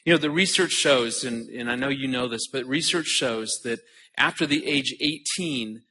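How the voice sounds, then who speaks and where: A man's voice: medium pitch, moderate pace, pushed and bright. A man in his forties giving an earnest conference talk, telling a personal story and often repeating words as he starts a sentence. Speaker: conference speaker.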